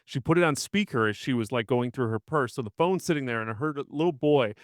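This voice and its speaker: A man co-hosting a podcast in casual chat, animated and quick to mimic other people's voices. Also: mid-range voice, no echo, clean studio sound. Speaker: podcast co-host.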